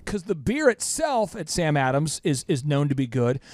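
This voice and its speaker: A man hosting a business podcast in an emphatic, punchy way, his voice sitting high and leaping around. He keeps firing questions at his cohost. The sound is dry and close. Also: sing-song, moderate pace, a little mellow, dry recording. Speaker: podcast host. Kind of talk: energetic business podcast talk.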